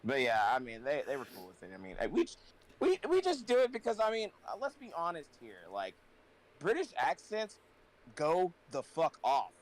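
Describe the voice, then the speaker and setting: A man's voice: on the high side, wildly swooping pitch, moderate pace, poor audio. A man from a rock band, guesting on a podcast, joking and swearing casually. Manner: playful, profane, jokey. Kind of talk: casual chat.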